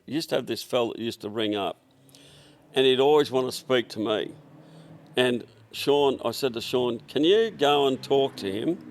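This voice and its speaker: An older Australian man with a workshop, telling rambling, blunt anecdotes full of fillers and restarts in a casual interview. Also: medium pitch. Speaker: workshop owner, guest.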